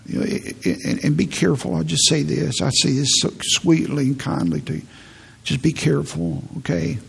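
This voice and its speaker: A middle-aged male pastor preaching a sermon, telling stories in an earnest, pastoral way. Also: fairly high pitch. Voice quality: gravelly, husky. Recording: long reverb in a large hall.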